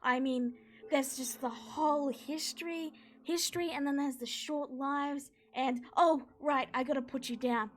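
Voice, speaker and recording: A woman voicing an excitable, nervous male flying centaur who gushes and stammers in a tabletop game. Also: on the high side, measured pace, hardly any pauses. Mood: gushing. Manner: gushing, stammering, panicky.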